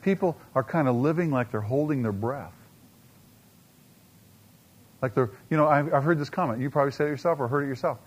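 A man preaching a sermon to a congregation, pressing his points with rhetorical questions, dramatic slow-downs and quiet asides. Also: medium pitch. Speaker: pastor.

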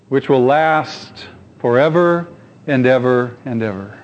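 A pastor with a mid-range voice preaches unhurriedly, telling lively stories. He voices the characters himself and asks rhetorical questions. The audio is dull and lo-fi.

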